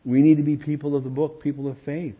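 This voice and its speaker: A man's voice: on the high side, little pitch movement, fast talker, breathy edge. A male pastor teaching an evening Bible study, explaining verses and often checking in with "okay?". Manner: explanatory, keeps asking "okay?". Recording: dull lo-fi recording.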